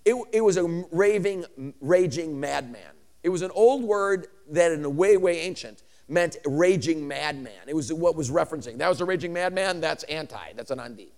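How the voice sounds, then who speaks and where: A man preaching a sermon, teaching word meanings slowly and repeating them, then building to shouted calls for amen. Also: a little high, animated. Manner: spells out and repeats words slowly.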